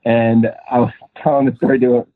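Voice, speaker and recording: This guest is a young Minnesotan actor whose medium-pitched voice comes across flat and fairly quick. His casual interview chat wanders, loaded with fillers and laughter, and the dry recording has no room sound and a tinny, phone-line quality.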